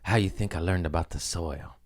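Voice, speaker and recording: A deep-voiced man talks briskly into a studio microphone, hosting a comedy podcast solo. Wired on caffeine, he rambles excitably through a casual monologue, swearing, laughing often and jumping between topics.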